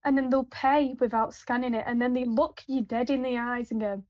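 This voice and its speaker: A woman's voice: on the high side, steady tone, moderate pace, no room sound. A woman working on supermarket tills, chatting casually with a rambling manner full of fillers and restarts. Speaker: supermarket till worker. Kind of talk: casual anecdotal chat. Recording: dull, lo-fi, dry.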